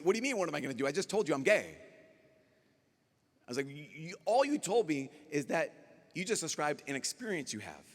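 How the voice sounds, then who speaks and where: A man, a priest speaking at a youth conference, giving a lively talk and acting out dialogue as he tells stories. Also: fairly high pitch. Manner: animated storyteller acting out dialogue. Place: large conference hall. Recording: long hall reverb.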